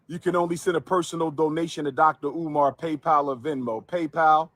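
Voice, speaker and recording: A man with a slightly high voice makes an appeal for donations in a livestream clip. He repeats himself again and again in an insistent way. The sound is dry and close. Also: fairly even intonation, fairly quick, fairly bright tone, no room sound. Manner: repetitive and insistent. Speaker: speaker in a played clip asking for donations.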